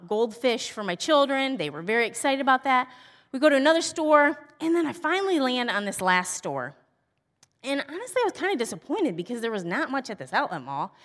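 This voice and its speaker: A woman telling a funny personal story in a casual, exasperated, animated way. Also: fairly high pitch. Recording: long hall reverb.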